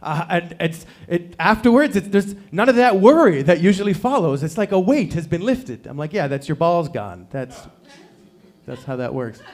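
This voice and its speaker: Canadian-ish comic guy at an open mic, dry and self-deprecating, bit of a higher voice. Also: normal speed. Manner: deadpan, self-deprecating, acts out quotes with big jumps in pitch. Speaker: stand-up comedian. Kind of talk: stand-up set at an open mic. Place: small performance venue.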